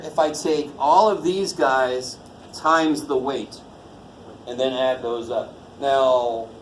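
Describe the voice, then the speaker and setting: A man teaching a college math class in a casual, jokey way, swearing lightly and quizzing the students as he goes. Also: on the high side. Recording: echoey classroom with faint noise.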